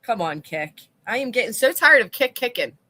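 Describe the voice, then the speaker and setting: A middle-aged woman chats casually with her livestream viewers, rambling and reading their comments aloud. Her voice is bright and forward. The sound is dry and close to the mic. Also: fairly high pitch, very animated, normal speed, no echo. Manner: chatty, rambling, reads chat aloud.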